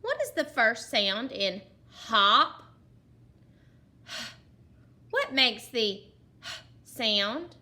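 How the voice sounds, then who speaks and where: A woman teaching a phonics lesson to young children, sounding out letters slowly and deliberately and praising often. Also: fairly high pitch, big pitch swings, sharp tone.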